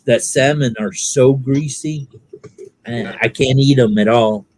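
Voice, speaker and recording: A man's voice: mid-range voice, measured pace, no room sound, poor audio. A man in a casual online group chat, telling an anecdote and acting out the other people's lines in a raised voice. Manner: animated storyteller who acts out quotes in a raised voice.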